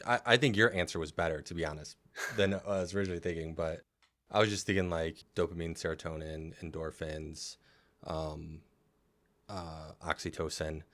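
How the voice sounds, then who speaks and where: Very deep-voiced man thinking aloud. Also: steady tone, normal speed, a bit bright. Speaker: podcast co-host. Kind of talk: casual podcast chat.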